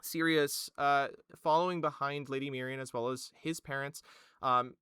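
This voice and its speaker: A man's voice: mid-range voice, steady tone, normal speed, sharp tone, clean tone, no echo, clean studio sound. A man narrating a tabletop game as game master, casual and full of fillers.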